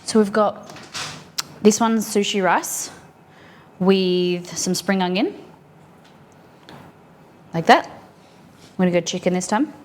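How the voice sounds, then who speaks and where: A woman's voice: medium pitch, takes it slowly, long pauses. Chatty woman cooking on stream. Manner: chatty, answers chat while rolling food. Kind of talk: casual cooking livestream chat.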